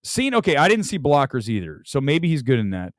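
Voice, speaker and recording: A man's voice: medium pitch, huge pitch swings, brisk, dry recording, studio quality. A man hosting a casual movie talk livestream, rambling animatedly and laughing often. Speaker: host.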